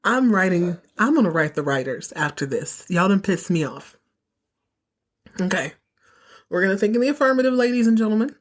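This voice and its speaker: A woman hosting a podcast, casually recapping a soap opera episode and acting out the characters' lines with animated, emotional storytelling. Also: mid-range voice, moderate pace.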